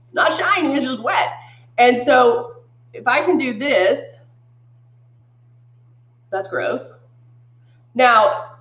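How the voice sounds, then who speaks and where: A woman's voice: fairly high pitch, expressive, drawn-out words, pauses often, a bit bright, roomy sound, muffled recording. Chatty woman hosting a live makeup demo. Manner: chatty, upbeat, greets viewers by name. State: congested from sinus trouble. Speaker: makeup brand live-stream host.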